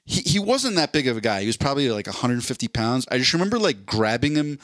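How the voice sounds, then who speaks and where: A man's voice: medium pitch, sing-song, fast talker, fairly bright tone, no echo, studio quality. Profane rambling man in his forties. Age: 40s. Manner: profane, rambling, lots of fillers and restarts. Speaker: podcast host. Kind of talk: casual storytelling chat.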